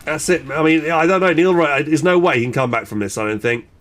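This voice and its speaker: A man casting a strategy game match in excited play-by-play, exclaiming and swearing, with frequent restarts and fillers. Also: fairly high pitch, a little fast, a little hiss or hum. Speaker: game caster.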